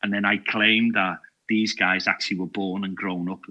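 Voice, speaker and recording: A man's voice: lowish voice, little pitch movement, normal speed, muffled recording. A man with a Liverpool accent talking as a podcast guest, enthusiastic, with frequent restarts and repeated words. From England. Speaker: podcast guest, security awareness video maker. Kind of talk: casual podcast conversation.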